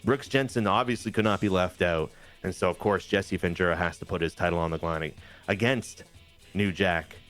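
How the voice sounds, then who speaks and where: A man casually recapping wrestling matches from a video game, in an animated, jokey play-by-play way. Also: sits low, moderate pace, soft background music. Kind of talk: casual gaming chat.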